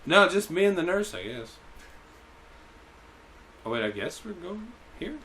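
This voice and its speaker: A man chats casually over a game stream, spinning an anecdote and acting out the people in it. His voice sits a little high and swings widely. The tone is bright and forward. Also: a little slow, a little hiss or hum. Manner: animated storyteller, acts out voices, laughs often. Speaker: streamer telling a story; teacher at a camp in Japan. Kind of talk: casual chat while gaming.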